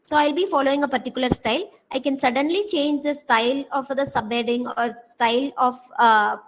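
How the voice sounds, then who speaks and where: A woman's voice: high-pitched, brisk, a little hiss or hum, rough recording. A woman with an Indian English accent giving a university design lecture, talking through slide examples with many hesitant fillers.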